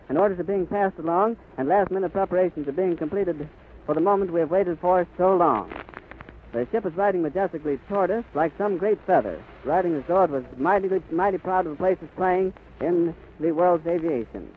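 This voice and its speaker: A man giving a live, vivid on-the-spot radio report from an airfield. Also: sits high. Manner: vivid, flowing description. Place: outdoors on an airfield. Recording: crackly 1930s radio recording, phone-like band.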